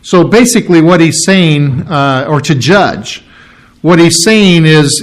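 A man's voice: a little high, measured pace. A man preaching a sermon, explaining scripture earnestly, often repeating and restarting words as he works through a point. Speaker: pastor.

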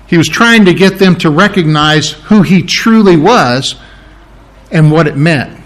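A man preaches in an easygoing, conversational way, walking through scripture aloud. His voice sits a little high for a man, and he often stops to restart or correct himself mid-sentence. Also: moderate pace, fairly bright tone. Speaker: pastor. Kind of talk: sermon.

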